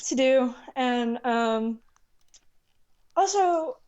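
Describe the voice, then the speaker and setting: A woman's voice: high voice, lively intonation, drawn-out words, a little mellow, clean tone, muffled recording. A young woman in her teens, co-hosting a podcast in a casual, rambling way and often correcting herself. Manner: rambling, self-correcting, loses track. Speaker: podcast co-host, machinima maker.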